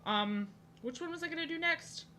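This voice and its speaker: Bright-voiced chatty young woman streamer. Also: very high-pitched, lively intonation, normal speed, slight background noise. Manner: rambling, chatty, reacting to chat. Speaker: art streamer. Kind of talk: casual chat while drawing.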